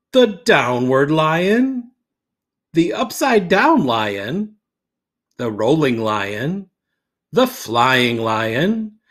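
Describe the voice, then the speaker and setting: A man, a school teacher, reading a children's picture book aloud in an expressive storytelling voice. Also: a little high.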